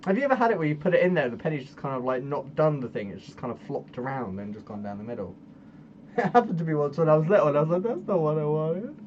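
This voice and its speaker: A giggly, animated man chatting casually while he plays a game, with a pitch that leaps around a lot. The recording is a little dull and muffled, with a faint hiss underneath. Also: quick pace. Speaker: gaming channel host.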